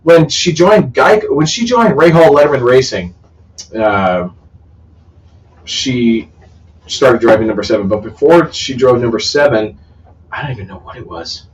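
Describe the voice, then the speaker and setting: A young man co-hosting a casual sports talk show, quick with stats and laughing a lot. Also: mid-range voice, sing-song. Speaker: co-host. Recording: distant mic with faint room hiss.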